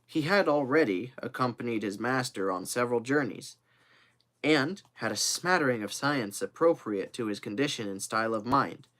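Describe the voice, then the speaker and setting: A man reading a classic novel aloud live, expressive, with occasional slips and fillers. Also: medium pitch, moderate pace. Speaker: reader.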